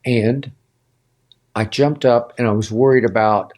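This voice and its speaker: A man's voice: medium pitch, steady tone, unhurried, darkish tone. Man, host, casual chat, dry teasing asides. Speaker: show host.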